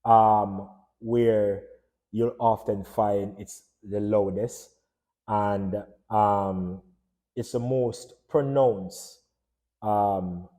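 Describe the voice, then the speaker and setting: A man's voice: on the low side, warm tone. A man giving a casual lesson on phonology, asking his listeners questions and answering them himself. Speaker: language teacher.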